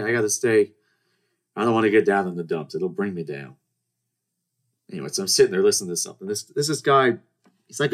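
A man in his twenties hosting a podcast, telling stories in a rambling, casual way with many restarts and acted-out dialogue. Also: fairly low pitch. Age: 20s. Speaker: podcast host. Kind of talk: casual storytelling monologue.

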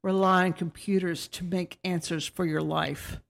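A woman co-hosts a relaxed chat. Her voice has a gravelly edge, and she drops in teasing, dry remarks. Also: lowish voice, normal speed. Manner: wry, teasing interjections. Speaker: podcast co-host. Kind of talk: casual chat.

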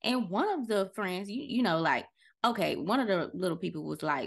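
A woman's voice: mid-range voice, animated, normal speed, creaky. A woman hosting a podcast, giving a casual motivational talk and chatting loosely to listeners as "y'all". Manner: loose, conversational, self-correcting. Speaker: podcast host.

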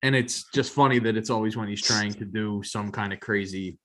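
A man co-hosting a casual chat about film news, relaxed and wry, trailing off with ums. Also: fairly low pitch, a little fast. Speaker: podcast co-host reading the news.

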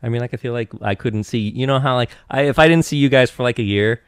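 A man's voice: mid-range voice, quick pace, smooth, no room sound, studio quality. A young man from Eastern Washington, a podcast guest, chatting casually into a handheld mic and rambling with lots of restarts and fillers. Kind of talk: casual chat.

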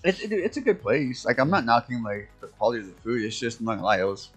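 A man co-hosting a podcast who talks in an animated way, swearing freely and explaining things to his friends. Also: medium pitch, fast, slightly rough, soft background music. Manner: animated, swears a lot, explains food in detail. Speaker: podcast co-host. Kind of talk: casual chat.

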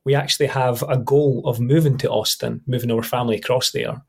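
A Scottish man chatting casually as a podcast guest, relaxed and full of fillers. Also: mid-range voice, a little fast, creaky, husky. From Scotland. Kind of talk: casual conversation.

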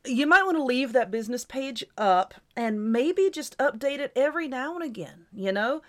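A woman's voice: high-pitched, lively intonation, normal speed, fairly bright tone. A woman hosting her own show, giving casual, reassuring advice in a chatty, repetitive way while stifling hiccups. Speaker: YouTuber and podcast host.

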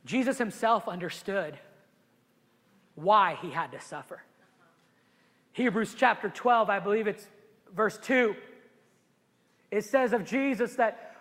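Male pastor, very high and bright voice, emotional sermon delivery, church hall reverb. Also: takes it slowly, pauses often. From immigrated to the US at twelve. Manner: emotional, animated preaching with many restarts. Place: church sanctuary.

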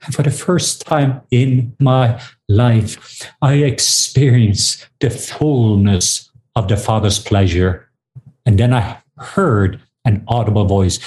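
Slow-praying man, dark low voice. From Norway. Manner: slow, drawn-out prayerful delivery. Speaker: guest minister. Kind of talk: spoken prayer.

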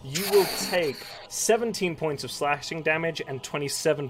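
A man's voice: a little high, normal speed, background noise. A man narrating and running a tabletop role-playing game in a playful, encouraging way. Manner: playful, encouraging, laughs often. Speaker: game master.

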